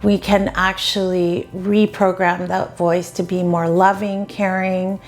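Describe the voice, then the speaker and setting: A woman dating coach giving advice straight to the viewer in a gentle, encouraging way. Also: fairly low pitch, little pitch movement, takes it slowly. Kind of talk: advice talk to camera.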